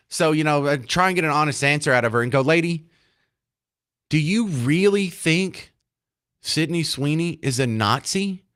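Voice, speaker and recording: A man's voice: a little high, fairly bright tone, smooth, dry recording, clean studio sound. A man hosting a talk radio show, giving opinionated commentary with sarcasm and mocking rhetorical questions.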